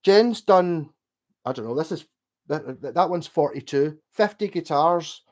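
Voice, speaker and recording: A drunk man with a Scottish accent hosts a casual late-night livestream, his fairly high-pitched voice expressive and a little slow. As the livestream host, he rambles and swears while ranting to viewers.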